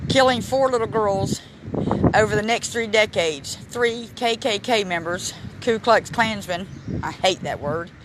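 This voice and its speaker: A man walks through a city park, filming on his phone and reading plaques aloud in a casual, emotional way. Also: high-pitched. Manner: emotional, chokes up, reads plaques aloud haltingly. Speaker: vlogger touring a memorial park. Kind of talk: casual walking vlog narration. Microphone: handheld phone camera. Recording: outdoor phone recording with traffic noise. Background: street and traffic noise.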